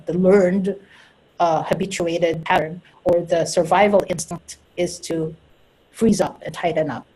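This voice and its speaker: A woman's voice: lowish voice, darkish tone, slightly rough, low-quality recording. A woman talking casually about spiritual growth, earnest and laughing at herself now and then. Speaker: host and spiritual coach.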